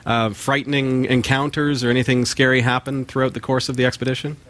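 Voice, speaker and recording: A man's voice: mid-range voice, little pitch movement, brisk, fairly bright tone. A man hosting an interview, asking questions and reacting with short encouraging interjections. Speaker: interview host. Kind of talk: conversational interviewing.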